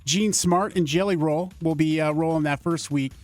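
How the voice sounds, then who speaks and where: A man's voice: a little high, moderate pace, darkish tone, soft background music. A man co-hosting a morning radio show, talking in a laid-back, rambling way. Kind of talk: casual radio banter. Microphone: studio microphone.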